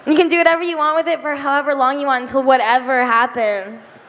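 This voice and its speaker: A young woman performing a stand-up comedy set, giggly and self-deprecating, with drawn-out deadpan asides. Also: high voice. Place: comedy club stage before a live audience. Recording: live club recording with reverb, faint room noise.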